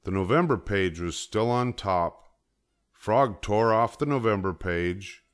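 An older man narrating a children's story with a very deep voice. He reads slowly and gently, letting his pitch rise and fall expressively. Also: lively intonation, smooth. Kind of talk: children's story read-aloud.

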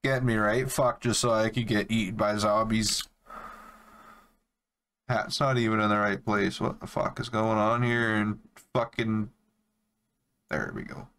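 A man's voice: lowish voice, flat delivery, unhurried, fairly bright tone, slight background noise. A young man streaming a game, chatting casually to his viewers and swearing freely. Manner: laid-back, swears a lot, talks to viewers. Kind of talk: casual live-stream chat while playing.

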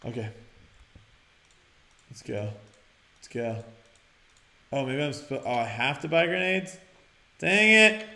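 With a gravelly, medium-pitched voice, this energetic gaming channel host reads game prompts aloud and bursts into loud shouts during a let's-play. He's a young man nursing a sore mouth from dental work, recorded in a roomy home space over game music.

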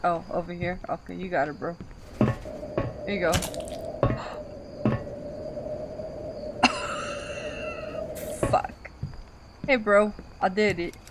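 A woman giving casual commentary on a horror game she is playing. She swings from quiet mutters to shrieks and laughs often. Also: fairly low pitch, huge pitch swings, extremely slow, long pauses, noisy background. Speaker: gaming channel host.

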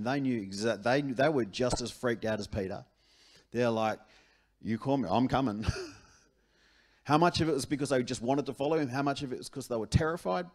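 With a mid-range voice and an Australian accent, a male pastor delivers a sermon in church. He talks conversationally and with animation, repeating his key phrases.

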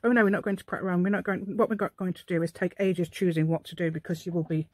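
Here a middle-aged woman who runs a crafting channel puts on a playful posh telephone voice, talking to herself in a chatty, rambling way as she shows a craft project. She talks fast in a steady tone, her pitch on the low side, with no room sound.

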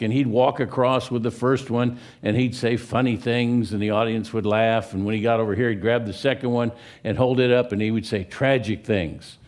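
A pastor in his seventies from California preaches a sermon in a church sanctuary. His voice is on the low side and slightly mellow, and he tells stories in a joking, folksy way.

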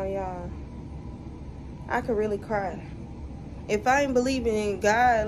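A young woman with a drawl vents about her ruined trip, swearing and addressing her viewers directly. She's recorded on a phone, with clear noise around her. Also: lowish voice, fairly even intonation, a little fast. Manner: upset, venting, profane, talking straight to viewers. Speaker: vlogger. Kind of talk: casual vlog talk to camera. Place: hotel room and car park on a trip.

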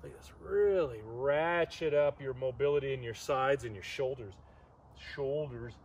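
A man's voice: mid-range voice, moderate pace, slight background noise. Joking male yoga instructor outdoors. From Southern California. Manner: joking asides between pose cues. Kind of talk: guided yoga class.

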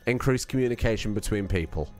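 Low-voiced man with neutral British accent. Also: quick pace, faint music behind. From Britain. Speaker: co-host. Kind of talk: casual chat over gameplay.

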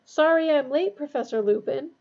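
Defiant teenage boy done by a woman, urgent n outraged, raspy, lo-fi. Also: a little high, fairly quick, mellow. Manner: urgent, indignant.

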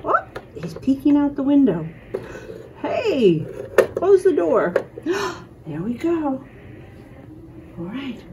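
A woman's voice: high-pitched, huge pitch swings, slow, pauses often, dull audio, very noisy. A woman narrating toy play for toddlers in a sing-song voice, with exaggerated gasps and lots of repetition. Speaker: children's toy play presenter. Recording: music playing under the voice.

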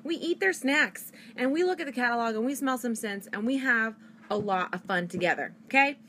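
Young woman, direct sales pitch on a live stream, fast and gushing, slightly high voice, faint hum behind. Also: fairly bright tone. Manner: fast-talking, gushing, enthusiastic. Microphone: phone or webcam.

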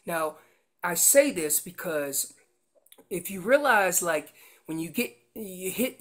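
A woman gives an elk-calling seminar at a slow, unhurried pace. She walks through each call with homely comparisons to family life. Now and then she bursts into loud, acted-out voices. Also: mid-range voice. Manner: explains with everyday comparisons; breaks into loud acted voices of calves and parents. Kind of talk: seminar presentation with slides.

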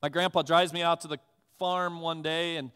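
A man's voice: a little high, moderate pace, clean tone. Conversational man preaching in a reverberant church. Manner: conversational, animated, self-deprecating. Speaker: pastor. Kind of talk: sermon with personal storytelling. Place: church sanctuary. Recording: long reverb of a church hall.

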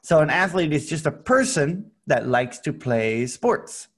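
A man gives an English lesson to young learners over a video call. He talks at a very unhurried pace, spelling out sounds with patience. Now and then he breaks into playful sound effects. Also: fairly high pitch, big pitch swings. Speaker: English teacher. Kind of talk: online English lesson for children.

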